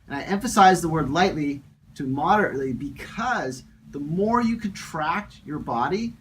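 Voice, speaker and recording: A man's voice: a little high, slight background noise, poor audio. Man casually explaining an exercise. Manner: relaxed, step-by-step instructions, repeats phrases. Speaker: fitness instructor.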